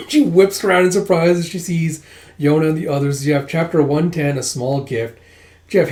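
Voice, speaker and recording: A man casually reading through a manga, voicing characters' lines in quick snippets and laughing often. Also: fairly high pitch, dark tone, reverberant. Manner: reads dialogue aloud in quick voices with frequent laughs. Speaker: manga readthrough host.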